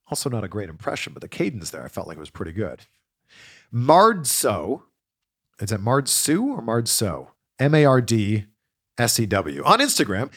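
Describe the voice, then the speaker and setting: Lively chatty man answering fan questions. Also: fairly low pitch, normal speed. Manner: lively, laughs often, chatty storytelling. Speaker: host of a wrestling Q&A show.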